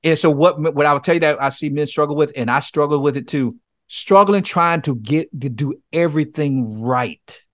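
A man with a fairly high voice gives an earnest, animated account. He acts out his own pleas with feeling. The sound is dry and close. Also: moderate pace, no room sound. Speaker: podcast guest, men's coach. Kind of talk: conversational testimony.

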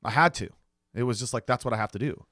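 A man's voice: mid-range voice, quick pace, pushed and bright, dry recording, clean studio sound, natural voice. A man voicing a blunt, boastful male cab driver while retelling a story. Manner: matter-of-fact, bragging.

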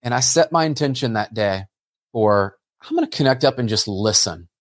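A man's voice: mid-range voice, expressive, moderate pace, no room sound, studio quality. A man hosting a podcast, speaking in an earnest, reflective way with frequent filler words. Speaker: podcast host. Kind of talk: casual interview chat.

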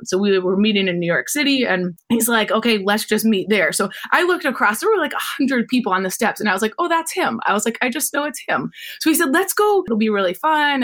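A woman telling a personal story in conversation, lively and animated, acting out quotes and laughing often. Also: medium pitch. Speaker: guest.

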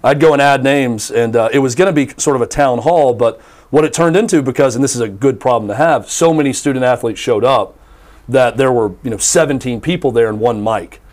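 A man co-hosting a sports talk radio show, telling stories in an animated way with plenty of fillers and restarts. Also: mid-range voice, a little fast.

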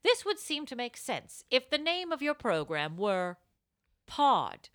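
A woman's voice: fairly high pitch, unhurried. A woman co-hosting a comedy podcast, chatting playfully, laughing often and reading a listener letter aloud. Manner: animated, laughs often, jumps into silly voices. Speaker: podcast co-host.

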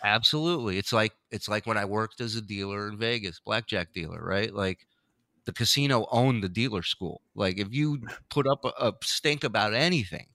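A man's voice: on the low side, normal speed, bright, forceful tone, no echo, studio quality. A man hosting a podcast, talking in a blunt, profane, mocking way. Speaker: podcast host. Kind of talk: casual podcast commentary.

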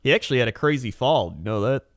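A man in casual chat as a podcast co-host, laid-back and rambling, full of fillers and quick laughs. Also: medium pitch, lively intonation.

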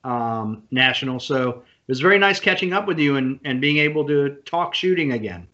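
A man's voice: mid-range voice, animated, normal speed, sharp tone, highs cut off. A male podcast host politely thanking his guests at the end of a casual interview.

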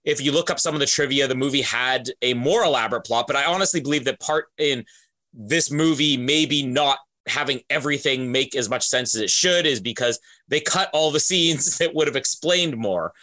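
A man's voice: medium pitch, normal speed, sharp tone. A man co-hosting a podcast in casual chat, wry and explaining at length. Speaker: podcast co-host.

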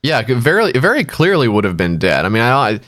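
Casual male podcast co-host, sarcastic and jokey, mid-pitched, dry close mic. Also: wildly swooping pitch, fast talker, a bit bright, no echo. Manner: sarcastic, jokey, acts out quotes in silly voices. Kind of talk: casual movie review chat.

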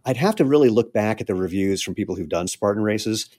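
A man's voice: on the low side, expressive, fast talker, a little mellow. A middle-aged man, a shoe company founder, talking candidly and earnestly as a guest on a podcast interview. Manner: candid, earnest, gets choked up.

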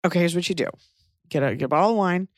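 A woman in her thirties co-hosts a comedy podcast, her voice sitting a little low and recorded dry and close. She rambles through advice in a blunt, crude, joking way, with loose casual chat. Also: very fast, no room sound.

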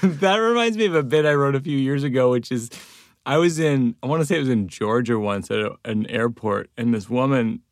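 A man's voice: medium pitch, dry recording, studio quality. A man in casual chat who laughs easily and tells comic stories. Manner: lively, quick to laugh, tells comic bits. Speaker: comedian guest.

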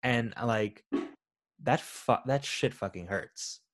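A man's voice: medium pitch, takes it slowly, dry recording, clean studio sound. A man co-hosting a casual podcast, enthusiastic as he retells favorite scenes. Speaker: podcast co-host. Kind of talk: casual film discussion.

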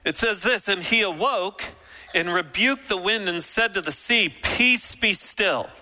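A man preaching a sermon, emphatic and animated, acting out quotes and dropping to a soft, slow delivery for reflective points. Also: sits high, rough recording. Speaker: pastor.

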